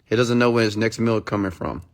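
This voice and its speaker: A man's voice: lowish voice, a little fast. A man delivering a motivational monologue, blunt and preachy, firing rhetorical questions at his listeners and swearing freely. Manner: emphatic, preachy, blunt with profanity. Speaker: motivational speaker.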